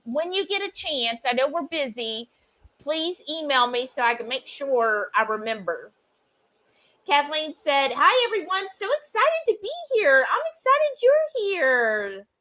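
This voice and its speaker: A woman co-hosting a home cooking livestream, gushing warmly as she reads out viewer comments. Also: sits high. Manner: bubbly, gushing over viewers. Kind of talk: casual chat, reading viewer comments. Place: home kitchen.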